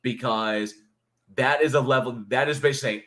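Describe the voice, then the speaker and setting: A livestream co-host with a medium-pitched, slightly bright voice speaks a bit fast. He reads viewer chat aloud and answers it bluntly, swearing freely throughout the casual stream.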